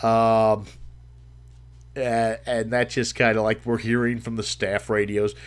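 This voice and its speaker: A man's voice: on the low side, completely flat delivery, slow pace, smooth. A man hosting a livestream, telling a story in a casual, profane way, swearing freely and laughing as he goes. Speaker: livestream host.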